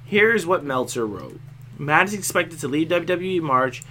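Joking man on a podcast, slightly high voice. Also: animated, moderate pace, pushed and bright, a little hiss or hum. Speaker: podcast co-host. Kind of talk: casual chat.

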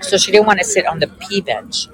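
A woman's voice: mid-range voice, animated, brisk, background noise. A woman telling a story in a casual vlog, chatty and sarcastic, often laughing. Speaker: vlogger.

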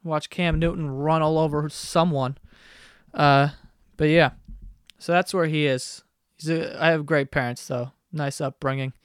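A man's voice: on the high side, steady tone, unhurried, clean tone, no echo, clean studio sound. A man in his twenties hosting a solo podcast from his basement room, rambling and swearing casually with self-deprecating jokes. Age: 20s. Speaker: podcast host. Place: basement bedroom at home. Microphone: podcast microphone.

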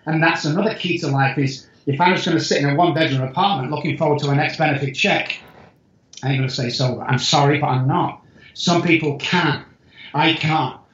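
Emphatic man in an echoey room. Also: fairly quick. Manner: emphatic and excitable, with jumps in pitch and loudness. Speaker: guest, addiction specialist. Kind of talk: animated storytelling in conversation. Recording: echoey room, dull lo-fi sound.

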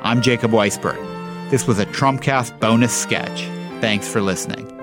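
A male podcast host reading a brisk, promotional outro. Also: medium pitch. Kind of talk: scripted outro. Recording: clear music bed underneath.

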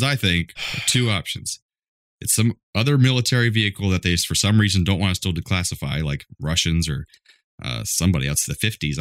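A man with a very low, deep voice co-hosts a casual podcast, recorded close and dry. He laughs a lot and drifts between reading a report and joking about it. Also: no room sound. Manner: laughs often, reads out a report then riffs on it. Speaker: podcast co-host. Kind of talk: casual chat.

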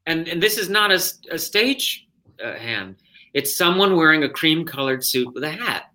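Male stage actor, interview guest, bright tone, animated storytelling, self-interrupting. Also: a little high, normal speed.

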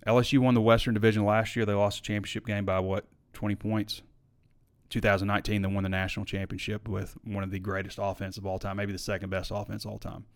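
Hosting a live sports talk show, this man speaks fast in a fairly low voice with a flat delivery. He's conversational and opinionated, full of fillers, reading out viewer comments and pushing back on them.

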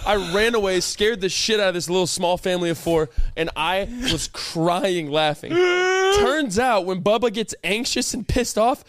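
A young man co-hosting a podcast, telling a story in a giggly, animated way. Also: sits high, normal speed, no room sound. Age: young adult. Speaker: podcast co-host. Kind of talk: casual chat.

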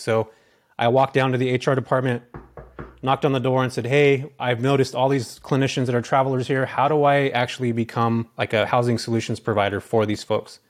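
Man, interview guest, quick pace, chatty, lots of fillers. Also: mid-range voice. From California. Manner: fast, chatty storyteller with many fillers. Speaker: guest, real estate investor. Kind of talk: casual interview talk.

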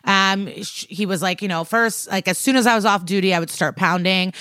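A woman's voice: mid-range voice, fairly bright tone, clean tone, no room sound, clean studio sound. A woman co-hosting a podcast, casually retelling a TV episode and tossing off the characters' lines as she goes. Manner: brisk retelling, acts out quotes in passing. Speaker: podcast co-host recapping a TV episode. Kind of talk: casual chat recap.

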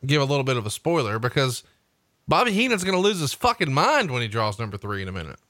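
A man's voice: mid-range voice, fast, dry recording, clean studio sound. A man co-hosting a podcast, talking casually and a bit hesitantly. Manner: relaxed, hesitant with fillers. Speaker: podcast co-host. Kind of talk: casual chat.

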